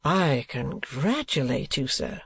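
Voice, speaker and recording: A man voicing a polite, earnest young gentleman who speaks in a courteous, measured way. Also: medium pitch, big pitch swings, creaky, breathy edge, dry recording, full character voice.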